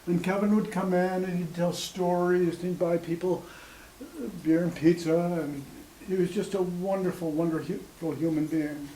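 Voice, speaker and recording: This open-mic storyteller, a man in his sixties, shares personal stories with a small audience in a cafe gathering room, stumbling along with ums and restarts. His warm voice sits high, and the echoey recording carries faint ambience and slight background noise.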